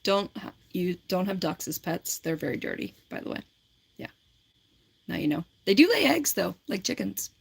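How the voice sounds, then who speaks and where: A woman's voice: fairly low pitch, very animated, moderate pace, creaky, breathy edge. Giggly woman in her forties chatting. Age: 40s. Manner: rambling and giggly, lots of "like" fillers. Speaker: livestreamer. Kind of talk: casual livestream chat, answering viewer comments.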